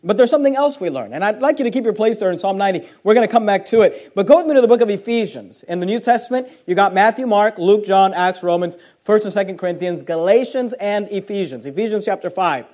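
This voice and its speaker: A man with a high-pitched voice preaches a sermon. He stretches out scripture quotes and leans hard on key words, and he poses rhetorical questions to the congregation. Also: lively intonation, a little mellow. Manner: emphatic preaching, drawn-out scripture quotes, fillers like uh. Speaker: pastor.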